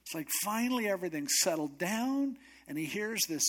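A man's voice: on the high side, expressive, normal speed. A man preaching a sermon who retells a Bible story in a casual, humorous, conversational way. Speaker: pastor.

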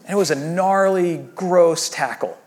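A man in his thirties, a pastor, preaching a sermon in a conversational storytelling way that swings from lively to hushed. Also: high-pitched, a little slow.

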